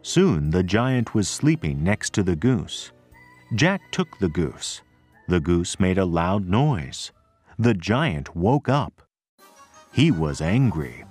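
A man narrating a storybook aloud, clear, deliberate and expressive. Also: low voice, faint music behind.

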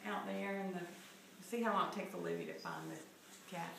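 A woman's voice: mid-range voice, wildly swooping pitch, a little fast, gravelly, far from the mic. A mother chatting playfully and coaxing her family at home in a casual home video. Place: home with pets. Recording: echoey room with noise.

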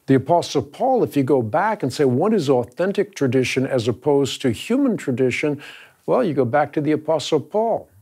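A man's voice: a little high, big pitch swings, normal speed, a little mellow, husky. A man hosting a round-table discussion, explaining earnestly and emphatically, often repeating words as he restarts. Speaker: host.

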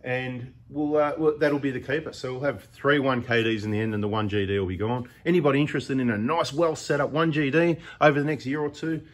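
A man's voice: mid-range voice, steady tone, brisk, hardly any pauses. A middle-aged Australian man hosting a four-wheel-drive channel, giving chatty, opinionated advice full of rambling asides. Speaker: host of a 4x4 channel. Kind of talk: casual talking-head advice.

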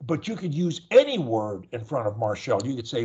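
A man's voice: mid-range voice, sing-song, fairly quick, hardly any pauses, a little mellow, husky, highs cut off. An older man who stutters, coaching a client one-on-one and demonstrating techniques by stretching and repeating words over a video call. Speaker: speech coach.

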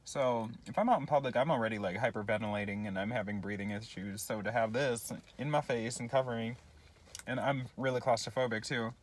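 Speaking fairly quickly at medium pitch, a young man rambles to his phone camera in a casual vlog. He is self-deprecating and keeps apologizing as he jumps from tangent to tangent.

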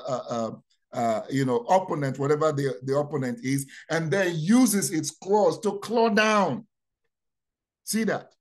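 A man preaching a sermon, repeating key phrases and asking rhetorical questions, dropping to quiet asides then rising to loud proclamations. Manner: dramatic, swings from low asides to loud proclamations.

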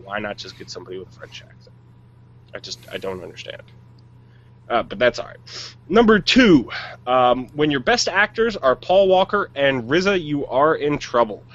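A man's voice: medium pitch, very animated, moderate pace, a bit bright, dull audio. A man co-hosting a podcast, chatting casually and giving blunt, jokey opinions on movies. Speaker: podcast co-host. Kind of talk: casual chat.

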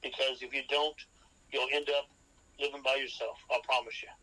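A man's voice: mid-range voice, level tone, normal speed, pushed and bright, poor audio. A man, a real estate expert guest on a podcast, giving seminar-style advice as numbered rules and often checking in with "okay?".

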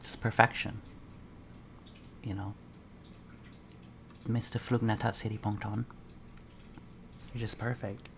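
A man reacting to a trailer as an excited fan, muttering asides and breaking into dramatic outbursts. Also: lowish voice, takes it slowly, creaky, pauses often, a little hiss or hum. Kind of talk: casual reaction commentary.

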